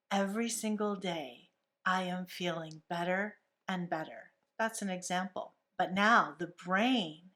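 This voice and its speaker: A woman hosting a wellness talk, speaking in a gentle, soothing way. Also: fairly low pitch. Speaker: host.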